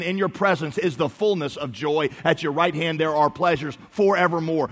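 A man preaching a sermon, swinging between soft low emphasis and loud, high outbursts. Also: big-room sound. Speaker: pastor.

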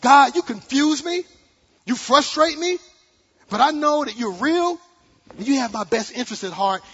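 A man preaching a sermon with animated delivery, acting out quotes and jokes. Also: sits high, breathy edge. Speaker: pastor. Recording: dull sound in a large reverberant hall.

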